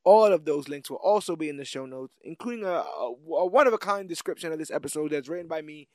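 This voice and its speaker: A man's voice: on the high side, fast, darkish tone, dry recording. Playful podcast host man, dry mic. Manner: playful, joking, rambling sign-off. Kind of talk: casual podcast outro.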